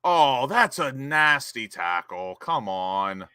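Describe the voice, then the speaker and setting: A young man hosting a live football watch-along, cheering as an excitable fan. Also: mid-range voice, slow, clear, resonant tone, no room sound.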